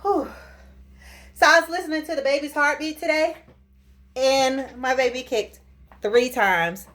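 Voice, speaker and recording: A woman's voice: sits high, normal speed. A woman in her thirties, a little out of breath, chatting jokingly in a casual pregnancy update vlog. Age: 30s. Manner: animated, joking, playful sing-song bursts. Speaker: vlogger.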